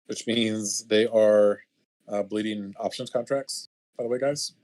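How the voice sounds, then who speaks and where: A man's voice: fairly low pitch, steady tone, a little slow, a little mellow. A man giving matter-of-fact live market commentary on a trading stream.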